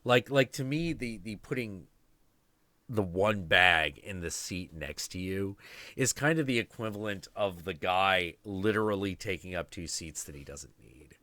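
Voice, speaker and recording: Deep-voiced profane ranting man. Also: lively intonation, a little slow, sharp tone, no echo. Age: 20s. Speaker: podcast host. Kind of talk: casual storytelling chat.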